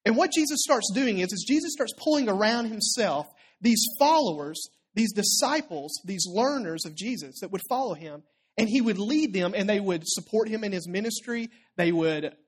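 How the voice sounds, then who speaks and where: Conversational storytelling preacher. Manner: storytelling, conversational, asks the listeners "okay?"; drops low and quiet for quoted lines, rises with emphasis. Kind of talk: sermon.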